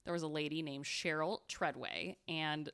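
Low-voiced young woman telling a story. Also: normal speed, fairly bright tone, clean tone. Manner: chatty, giggly, rambling with many fillers. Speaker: podcast co-host. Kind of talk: casual storytelling chat.

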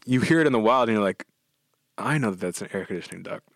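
A man's voice: on the low side, lively intonation, fast talker, creaky, crowd noise. A man from New Jersey, a musician, chatting casually in a rambling way and laughing often. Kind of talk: casual chat.

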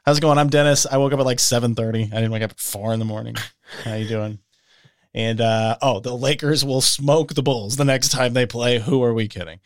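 A man's voice: medium pitch, steady tone, brisk. A male podcast co-host recapping the week's news in a casual, wry way.

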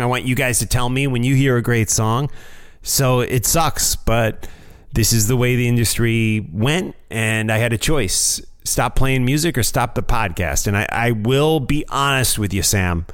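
A man's voice: medium pitch, moderate pace, clear, resonant tone. American guy rambling on his podcast, chatty, pokes fun at himself, plain middle voice. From United States. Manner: rambling, self-deprecating, chatty. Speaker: podcast host. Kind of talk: casual chat.

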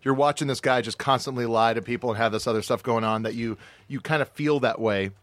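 Man, podcast co-host, mid pitch, quick quips, laughs easily, dry sound. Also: no room sound. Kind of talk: casual comedic podcast chat.

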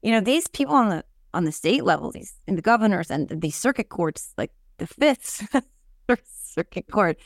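An expressive woman hosts a casual political podcast, her pitch leaping up and down as she talks. She restarts sentences and piles on fillers. The sound is close and dry. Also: moderate pace, vocal fry, dry recording. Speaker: podcast host.

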